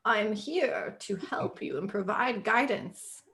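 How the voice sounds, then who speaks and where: A woman's voice: mid-range voice, takes it slowly, a bit bright, slight background noise. A woman voicing a haughty old female fortune teller in a tabletop game.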